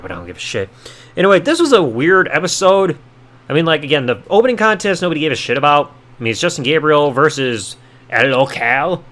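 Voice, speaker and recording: A man's voice: fairly high pitch, a bit bright. A male podcast host recapping a show in casual commentary, sarcastic and offhand, with some swearing.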